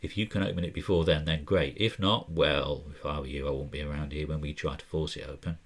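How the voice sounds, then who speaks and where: A man's voice: very deep voice, steady tone, quick pace. A man voicing a cagey male cult lodge member in a put-on accent, read from a game card. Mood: conspiratorial. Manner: quiet, conspiratorial reading with a put-on accent.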